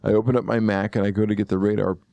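Gravelly low-voiced man hosting a chat. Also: little pitch movement, racing, warm tone, dry recording. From eastern Pennsylvania. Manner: rambling, self-correcting, chuckling. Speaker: podcast host. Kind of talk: casual chat.

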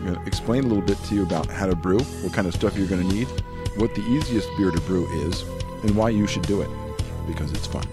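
A man's voice: deep voice, fast talker, few pauses, over music. A man co-hosting a casual podcast, rambling, laughing easily and chewing while he talks. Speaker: podcast co-host. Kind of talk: casual chat.

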